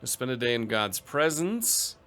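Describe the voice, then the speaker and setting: A man's voice: mid-range voice, sing-song, a little slow, pushed and bright. A man commentating a strategy game, reading event text aloud with dry, wry asides. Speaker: let's play host.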